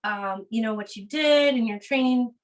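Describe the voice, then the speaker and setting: A woman's voice: on the high side, normal speed, far from the mic, low-quality recording. Breathless woman coaching a workout. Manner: encouraging, upbeat cues. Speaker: fitness instructor.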